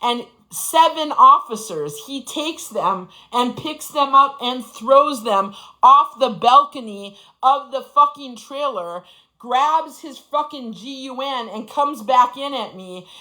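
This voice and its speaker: Intense, bright-voiced woman telling her story. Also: fairly high pitch, animated, takes it slowly, rough recording. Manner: intense, profane, repeats phrases for emphasis. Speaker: speaker sharing her story. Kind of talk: impassioned personal testimony.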